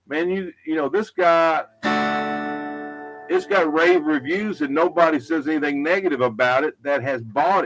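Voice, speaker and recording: Rough audio captures a middle-aged man with a medium-pitched, fairly bright voice who fixes guitars and makes products. Chatting loosely during a live product talk, he's blunt, rambles, swears, and says things more than once. Where the microphone sits is uncertain.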